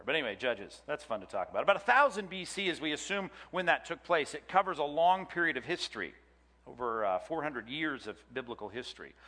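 A man's voice: a little high, pushed and bright. A man teaching a Bible class, chatty and joking, quizzing the audience. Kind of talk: classroom lecture with audience questions. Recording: long hall reverb.

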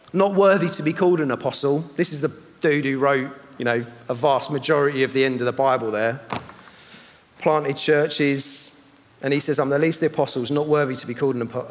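Guy preaching, high voice, fired up then going quiet, big hall echo. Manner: impassioned, swings between loud and hushed. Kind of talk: sermon. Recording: hall reverb.

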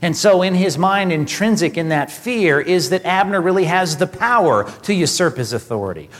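Guy preaching a sermon, kinda high voice, big echoey hall, gets emphatic. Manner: emphatic preaching, rising animated peaks. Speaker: pastor. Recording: hall reverb.

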